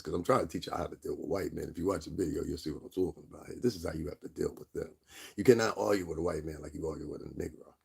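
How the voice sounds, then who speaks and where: Gravelly low-voiced man ranting. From Connecticut. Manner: profane, preachy, mimics others in high voice. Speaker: vlogger. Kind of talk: angry storytelling rant.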